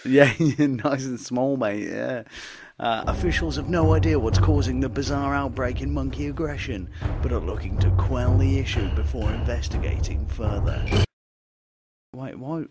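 A man's voice: mid-range voice, moderate pace, loud music behind the voice. A man co-hosting a casual podcast, reading odd news stories aloud, swearing, laughing often and calling his co-host "mate".

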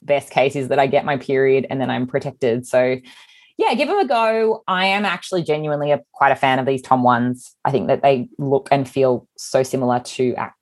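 Very low-voiced Australian woman. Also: normal speed. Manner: frank and animated, with frequent restarts. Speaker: podcast co-host. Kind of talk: casual chat.

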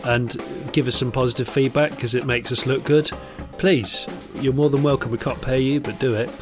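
A man's voice: medium pitch, fairly even intonation, moderate pace, over music. A man co-hosting a podcast, playful in casual comedic chat. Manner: playful, laughs often. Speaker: podcast co-host.

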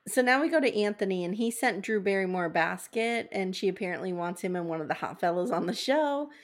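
A woman's voice: mid-range voice, lively intonation, fairly quick. A woman hosting a podcast, recapping a TV episode in a candid, jokey, chatty way. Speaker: podcast host. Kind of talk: casual recap chat.

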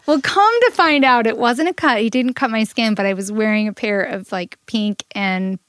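Woman podcast host, kinda high voice, dry close sound, animated and laughing as she tells it. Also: moderate pace, dry recording. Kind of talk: casual storytelling chat.

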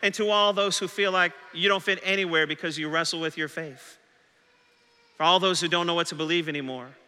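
Man, pastor preaching, high and very bright voice, dramatic delivery, echoing church hall. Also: steady tone, a little fast, smooth. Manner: dramatic preaching, voicing doubting disciples' questions. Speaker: senior pastor. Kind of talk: sermon. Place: church sanctuary.

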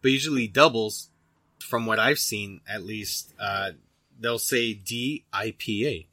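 A man's voice: fairly low pitch, bright, forceful tone, dry recording. A man co-hosting a casual beer-tasting podcast, rambling and joking with plenty of swearing. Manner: rambling, profane, quick to joke. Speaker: podcast co-host.

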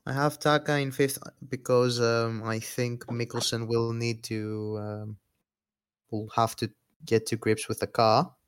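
A man's voice: medium pitch, level tone, unhurried, clean tone. Bantering podcast host, young man. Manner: joking, teasing banter with swearing. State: voice cracking. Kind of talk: casual podcast chat.

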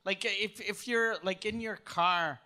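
A man's voice: sits high, fairly even intonation, slow pace, pushed and bright. A man co-hosting a podcast, asking teasing questions in casual chat. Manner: teasing questions, laughs a lot. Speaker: podcast co-host.

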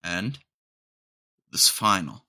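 A man's voice: low voice, big pitch swings, extremely slow, sharp tone. A young man hosting a podcast, rambling through a casual comedic monologue with sarcasm and laughter at his own jokes. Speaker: podcast host.

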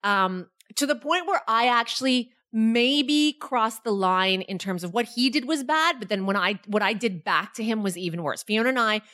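Here is a young woman talking in a casual podcast chat, her voice sitting a little high. She tells stories with a lot of energy, swears freely and switches into a raised voice to act out what people said. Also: moderate pace, few pauses. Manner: animated storyteller, swears freely, acts out quotes in raised voice.

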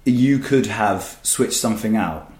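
A man's voice: fairly low pitch, unhurried, darkish tone, reverberant. A man casually telling stories as a podcast guest, rambling and swearing freely. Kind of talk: casual storytelling.

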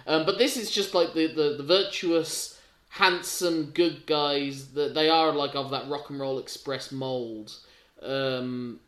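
A man co-hosting a wrestling-chat podcast in casual, joking talk. His voice is bright and clear-toned. The room around him rings with echo. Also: on the high side, slow pace. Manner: chatty, joking, self-deprecating. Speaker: podcast co-host. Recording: echoey room.

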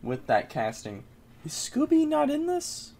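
A man's voice: extremely high pitch, huge pitch swings, unhurried, creaky, background noise. A young man co-hosting a casual pop-culture podcast, rambling loosely and swearing offhand. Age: young adult. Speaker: podcast co-host.

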